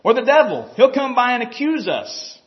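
A man with a notably high voice preaches a sermon in an easygoing, talkative way, chuckling now and then and checking in with his listeners. The recording is dull and lo-fi, with a muffled top end. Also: sing-song, moderate pace. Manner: conversational preaching, chuckles, frequent "you know".

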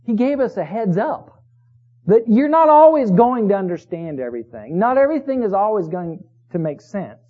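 High, lively-voiced male preacher. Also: normal speed. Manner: preaching, swinging from hushed to loud emphasis. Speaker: pastor. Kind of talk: sermon. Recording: tinny phone-like recording.

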